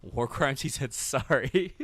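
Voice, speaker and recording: A man's voice: medium pitch, animated, takes it slowly, fairly bright tone, faint music behind. A man streaming games and chatting casually, rambling, laughing often and swearing freely. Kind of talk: casual livestream chat.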